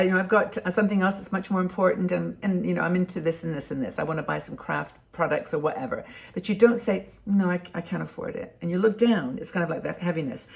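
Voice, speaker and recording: A woman's voice: fairly low pitch, vocal fry. A woman in her sixties giving casual, rambling advice to camera, full of ums and restarts. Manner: warm conversational, rambling with many ums and restarts. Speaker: host of a community for older women.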